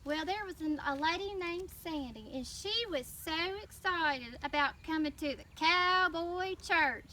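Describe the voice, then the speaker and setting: Slow, animated woman telling a children's story. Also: extremely high pitch. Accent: Southern US. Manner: animated, prompting child responses. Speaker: children's mission teacher. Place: church. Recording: distant mic with faint noise.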